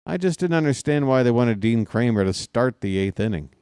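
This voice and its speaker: A man doing casual live baseball play-by-play from his apartment, wisecracking and drifting into asides between pitches. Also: lively intonation, brisk, hardly any pauses, mellow, clean tone, no echo, studio quality. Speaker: play-by-play broadcaster. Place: home apartment.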